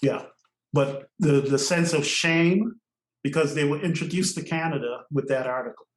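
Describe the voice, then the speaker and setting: Older man, from Trinidad, slightly high voice, animated storyteller, laughs a lot, echoey room. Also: moderate pace. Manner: animated, laughs often mid-sentence. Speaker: guest. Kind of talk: storytelling interview.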